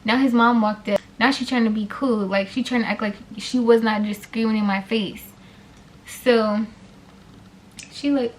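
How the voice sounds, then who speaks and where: A young woman casually telling a story on her vlog, animated and blunt with plenty of swearing. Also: on the high side, measured pace, a little hiss or hum. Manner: animated, blunt, heavy profanity.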